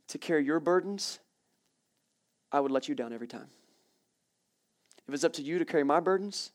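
A man preaching to his congregation in a church, a touch higher-pitched than most men. His delivery is energetic and conversational, casual asides mixed in with the scripture. He moves from sermon into a quieter prayer. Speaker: pastor.

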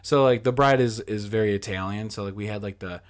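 A man's voice: lowish voice, a little fast. A young man on a podcast telling a long, casual story, full of fillers like "like," acting out what people said and swearing freely. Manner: rambling, filler-heavy, acts out quoted dialogue, swears freely. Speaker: podcast guest.

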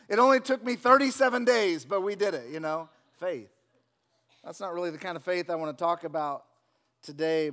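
Man, pastor, high voice, church sermon, storytelling. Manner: storytelling, acts out voices in anecdotes. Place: church sanctuary.

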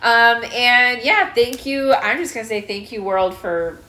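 A woman's voice: fairly high pitch, measured pace, pushed and bright. Giggly woman, echoey room. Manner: giggly, crude jokes. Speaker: podcast co-host. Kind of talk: casual chat.

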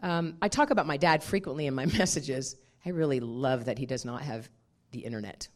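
A woman minister preaching a sermon, telling a personal story in an animated way and laughing often. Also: extremely low pitch, fairly quick.

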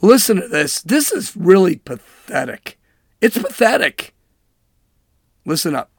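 In a studio-quality recording with no room sound, a political commentary host gives an opinionated monologue, emphatic and sarcastic, mocking things with air quotes. His high voice swings widely in pitch, creaky and slightly rough, at a measured pace.

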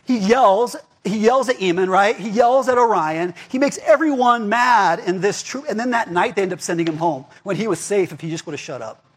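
A man's voice: high-pitched, expressive, normal speed, few pauses, breathy edge. A male pastor preaching a casual, conversational sermon, often checking in with "right?" and "okay?". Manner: chatty, asks the crowd "right?" and "okay?".

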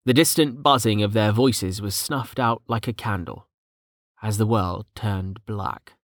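A man narrating a story in a steady, even storytelling manner. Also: lowish voice, a little slow, no room sound, clean studio sound. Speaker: audiobook narrator. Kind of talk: scripted narration.

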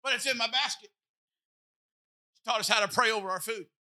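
Man in his forties, pastor, fervent repetitive preaching, high voice, very bright tone. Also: a little fast. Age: 40s. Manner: impassioned, repetitive preaching cadence. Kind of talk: sermon.

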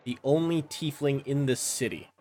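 A man running a tabletop game as game master, describing scenes in a relaxed, descriptive way with filler words. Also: mid-range voice, normal speed, slight background noise. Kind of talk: narrating a tabletop game over a call.

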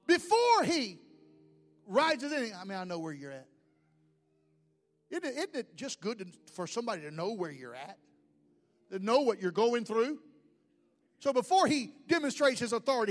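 A man preaching a sermon as pastor, swinging between shouted lines and hushed, whispered prayers. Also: high-pitched. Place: church sanctuary. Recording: long hall reverb with faint music.

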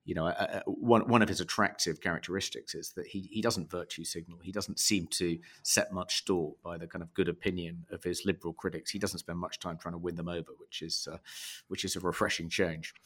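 A man's voice: low voice, steady tone, a little fast, fairly bright tone, breathy edge. A man co-hosting a podcast, chatting casually and hesitating with many ums and uhs. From England. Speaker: podcast co-host. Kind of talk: casual chat and read sponsor ad.

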